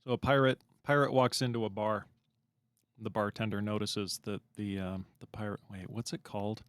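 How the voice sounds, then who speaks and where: A man telling a joke in a casual group chat, pausing to search for words. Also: fairly low pitch, little pitch movement, smooth, no echo. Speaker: podcast co-host.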